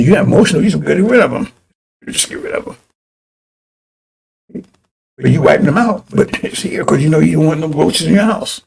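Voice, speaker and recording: A man's voice: on the high side, gravelly, darkish tone, slightly rough. A man preaching a broadcast sermon in a fiery, rambling way, often repeating and restarting his phrases.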